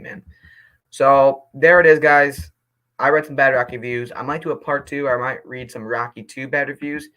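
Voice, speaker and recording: A young man talks casually to his viewers, reading reviews and reacting with fiery indignation. His outbursts give way to sheepish apologies, all in an everyday, mid-pitched voice. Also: bright, forceful tone, rough recording. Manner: passionate, quickly indignant, then apologetic. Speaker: vlogger reading movie reviews.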